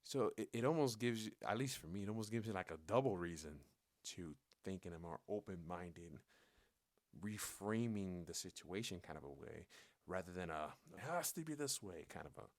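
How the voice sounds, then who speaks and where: Deep-voiced man rambling with profanity. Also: expressive, moderate pace, no room sound. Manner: rambling, profane, stammering restarts. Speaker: vlogger. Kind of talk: candid personal vlog talk.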